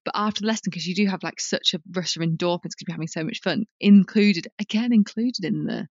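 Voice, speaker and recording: A woman, co-hosting a podcast in lively, chatty storytelling. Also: fairly low pitch, fast, no room sound, muffled recording. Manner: chatty, animated storytelling with laughs. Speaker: podcast co-host. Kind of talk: casual chat.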